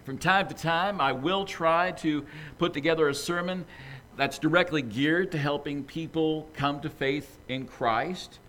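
A man preaching a conversational sermon and telling stories in an animated way. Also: on the high side, unhurried, slight background noise.

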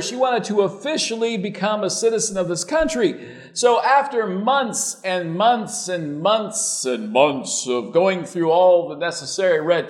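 Brief: male preacher, light high voice, folksy storytelling sermon.

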